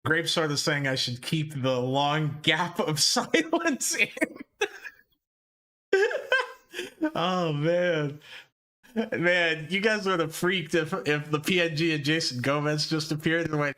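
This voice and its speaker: A young man hosting a live stream with a bright, slightly high voice. He swears freely and laughs at himself a lot. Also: slow. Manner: profane, self-mocking, laughing often. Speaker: livestream host. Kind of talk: casual live stream commentary.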